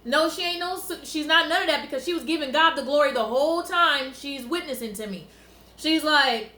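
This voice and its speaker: Animated woman telling a story in an echoey room. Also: sits high, brisk. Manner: animated, emotional, laughs often. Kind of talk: casual storytelling.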